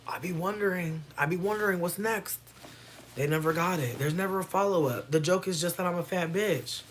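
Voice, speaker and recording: A woman's voice: lowish voice, a little fast. Chill woman streaming, cussing n joking w chat, bit of hiss behind her. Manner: laid-back, playful, swears freely. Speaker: livestreamer answering chat. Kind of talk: casual livestream chat.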